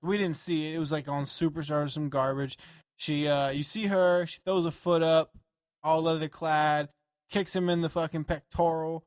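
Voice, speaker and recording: A man co-hosting a podcast, talking in a rambling, profane and animated way. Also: on the high side, normal speed, smooth, no room sound, studio quality. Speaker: podcast co-host. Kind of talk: casual chat.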